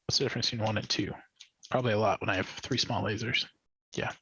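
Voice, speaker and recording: A man's voice: fairly low pitch, steady tone, quick pace, pushed and bright, slightly rough, dry recording, dull audio. A man playing a tabletop mech game, casual and joking as he works out his moves. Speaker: player.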